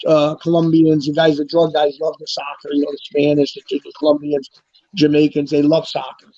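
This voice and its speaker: A middle-aged man tells his stories at a rapid clip, swearing freely and punching up quoted lines. His voice sits a bit high. The recording is dry and dull, like a lo-fi podcast. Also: vocal fry, no room sound. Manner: rambling storyteller, swears freely, acts out quotes loudly. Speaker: guest telling prison stories. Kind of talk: casual chat.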